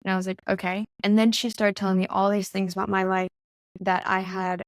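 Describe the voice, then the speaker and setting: A woman's voice: mid-range voice, little pitch movement, a little fast, no echo. A young woman in her twenties, a podcast guest telling a personal story in a chatty way, full of "like" and acted-out quotes. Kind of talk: casual storytelling conversation.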